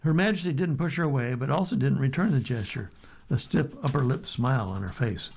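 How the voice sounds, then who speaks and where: Over a low-quality recording, a man with a medium-pitched, gravelly American voice reads newspaper stories aloud for a radio reading service. He stays steady and unhurried, adding light asides.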